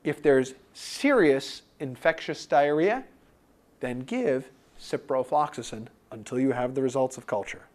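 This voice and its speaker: A man lecturing for a medical board exam review, animated and playing out imagined student replies. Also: medium pitch, measured pace.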